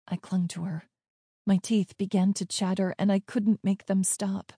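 Female narrator, warm low-lit tone, tense hushed storytelling, dry booth sound. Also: normal speed, slightly rough, no echo. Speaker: audiobook narrator. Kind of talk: scripted first-person story narration.

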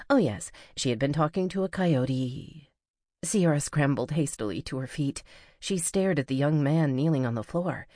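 A woman narrating a novel as an audiobook reader, in a measured, even storytelling manner. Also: sits low, no room sound, studio quality. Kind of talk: scripted narration.

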